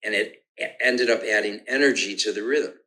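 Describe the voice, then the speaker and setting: An older man talks through his musical start in an easy conversational way, breaking off to hum rhythms and restarting his sentences. His voice sits low yet comes across bright and forceful. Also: steady tone, a little fast, rough recording. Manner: hums and sings rhythms aloud to explain, frequent restarts. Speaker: guest musician. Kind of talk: relaxed conversational storytelling.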